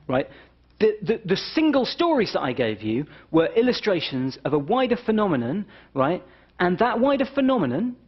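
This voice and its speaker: A British man in his forties, a doctor giving a public lecture in a wry, animated way, often checking in with "right?". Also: high-pitched, husky, lo-fi sound. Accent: British English. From Britain. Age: 40s.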